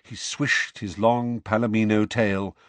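A man narrating a storybook in an expressive, varied scripted reading. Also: lowish voice, unhurried, no echo. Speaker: audiobook narrator.

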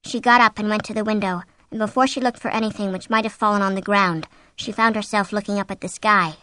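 A woman reading a horror novel aloud as an audiobook, with an expressive, suspenseful delivery on a close mic. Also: medium pitch, fast. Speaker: audiobook narrator. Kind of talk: scripted narration of a horror novel.

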